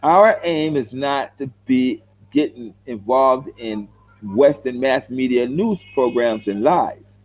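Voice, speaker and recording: Speaking slowly in a mid-range, expressive voice with a touch of mellowness, this middle-aged LA-accented man from South Central Los Angeles rants at the camera. He answers viewer comments bluntly and with heat, addressing them as "bro" and saying things more than once. The audio is low quality.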